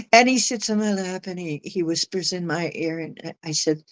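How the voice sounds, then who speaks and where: A middle-aged woman telling a personal story in a chatty, animated way. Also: fairly low pitch, normal speed, poor audio. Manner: chatty, animated retelling with laughs and acted quotes. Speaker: astrology show guest. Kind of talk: casual storytelling.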